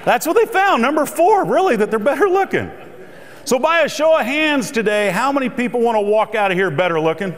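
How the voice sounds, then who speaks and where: A man's voice: very high-pitched, expressive, fairly quick. A middle-aged man giving a humorous motivational keynote speech, telling jokes and stories to a conference audience. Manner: storytelling, joking. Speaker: keynote speaker. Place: conference hall. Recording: reverberant hall.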